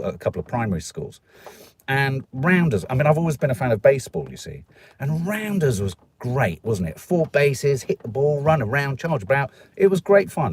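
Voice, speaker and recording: A man's voice: medium pitch, a little mellow, a little hiss or hum. A middle-aged man with a Stoke accent, hosting a live stream and chatting in a rambling, jokey way. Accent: Stoke-on-Trent English. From England. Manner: chatty, rambling, jokey, puts on voices for people he quotes. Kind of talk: casual chat reading viewer comments.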